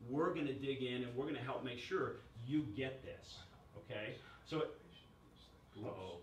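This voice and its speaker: A man giving a lively workshop presentation to a room, joking and quizzing the audience. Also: medium pitch, a little slow, a little hiss or hum. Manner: energetic, jokey, asks the audience questions. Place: chamber of commerce meeting room. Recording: echoey room recorded from far off.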